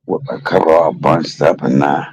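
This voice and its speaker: A man's voice: rumbling low, moderate pace, a little mellow, husky, highs cut off. A man hosting a casual livestream from a hospital room, joking and loose with some profanity. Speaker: livestream host.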